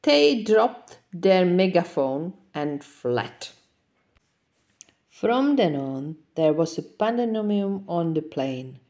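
A woman reads a children's picture book aloud in a gentle, expressive way. Her voice is fairly low for a woman, and it rises and falls widely. She reads very slowly and unhurriedly. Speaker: storyteller.

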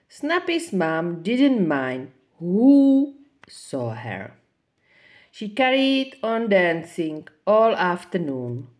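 A woman reading a children's picture book aloud as a storyteller, in a slow, expressive way. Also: fairly low pitch.

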